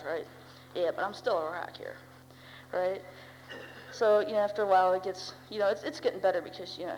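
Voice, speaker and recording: Teen girl, lower-pitched, wry rambling testimony; long hall reverb, faint hum. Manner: rambling, wry, full of "you know" and "uh". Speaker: speaker sharing her story. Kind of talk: personal recovery testimony.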